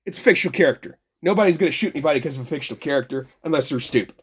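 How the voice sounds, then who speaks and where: A man's voice: on the high side, expressive, rapid-fire, slightly rough. A middle-aged man hosting a toy review, talking in a rambling, sarcastic and heavily profane way. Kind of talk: casual ranting review.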